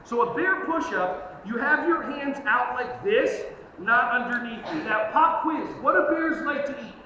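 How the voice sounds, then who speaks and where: A man leading a live fitness workshop for teachers, energetic and joking as he coaches the group through movements. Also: extremely high pitch, a little slow. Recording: echoey hall, distant lo-fi mic, noisy.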